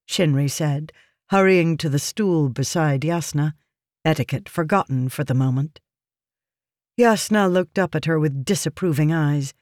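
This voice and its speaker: A narrator reading a fantasy novel aloud in a measured, deliberate manner. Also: medium pitch, no echo, clean studio sound. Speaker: audiobook narrator.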